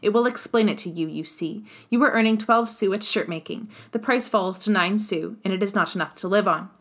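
A desperate young seamstress pleads in a feverish rush, as a woman reading a classic novel voices her. Her voice sits at an ordinary middle pitch. She sounds imploring and worn down by misery. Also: brisk, fairly bright tone.

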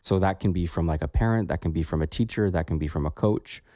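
A man's voice: deep voice, quick pace, dark tone, dry recording, studio quality. A man co-hosting a podcast, talking in a reflective, casual way with many "like" fillers. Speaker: podcast co-host.

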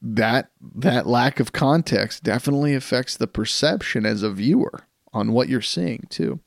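A man with a gravelly, fry-laced voice holds forth on a casual podcast, circling back and restarting his points as he goes. He sits close to the mic in a dry, dead room. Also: medium pitch, normal speed, no echo. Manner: rambling, animated storytelling with many restarts. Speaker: podcast co-host.

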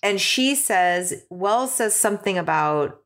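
A woman's voice: mid-range voice, takes it slowly. A woman co-hosting a casual chat, recapping a reality show and acting out what the cast said. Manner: animated, acts out quotes in exaggerated voices. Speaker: podcast co-host.

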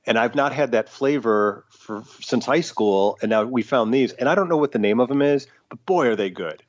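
A man co-host trades teasing jokes in casual podcast talk. His voice sits at a medium pitch. The recording sounds a little dull and lo-fi. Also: moderate pace. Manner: joking, teasing banter. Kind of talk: casual chat.

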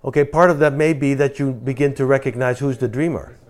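A man's voice: mid-range voice, fairly even intonation, brisk. A man leading an informal spiritual talk, pressing his listeners with repeated questions and emphatic asides. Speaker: spiritual teacher.

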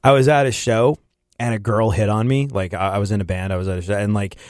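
A man's voice: lowish voice, steady tone, quick pace, darkish tone, no echo, studio quality. A man hosting a podcast, chatting casually, rambling and laughing often. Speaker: podcast host. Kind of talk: casual chat.

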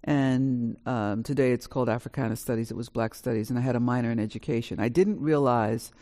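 A woman in her sixties from New York, an author telling her family story on a live panel in a lively, animated way. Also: very deep voice, fairly quick. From New York, USA. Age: 60s. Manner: lively, animated storyteller who acts out dialogue. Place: college auditorium with a live audience.

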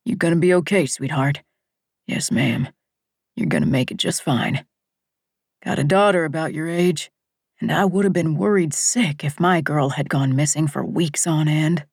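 A woman voicing a gentle fatherly boat rescuer. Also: low-pitched, steady tone, moderate pace, husky, no room sound, clean studio sound. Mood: gentle coaxing. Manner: gentle, drawling, coaxing. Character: kind middle-aged male boat rescuer, fatherly. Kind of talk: audiobook character voice.

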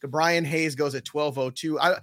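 A man's voice: a little high, fairly even intonation, a bit bright, no echo. A man hosting a fantasy baseball draft, casually reading off picks and joking with the panel. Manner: recaps picks in quick lists, joking.

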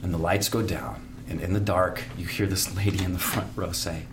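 A man in his forties with a lowish voice recounts a stage mishap on a talk radio show. He tells it earnestly, and faint noise hums behind him. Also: steady tone, normal speed. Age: 40s. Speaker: actor guest.

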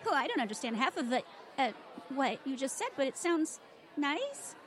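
A woman voicing a naive, bubbly young female cat reporter, babbling excitedly. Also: high-pitched, normal speed, some chatter behind.

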